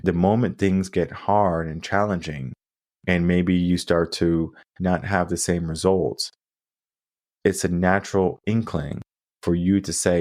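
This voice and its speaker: A man's voice: low-pitched, steady tone, a little slow, darkish tone, dry recording, studio quality. A man hosting a coaching podcast, talking through stories and lessons in an earnest way, often checking in with asides. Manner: earnest storytelling with frequent asides. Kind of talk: solo coaching monologue.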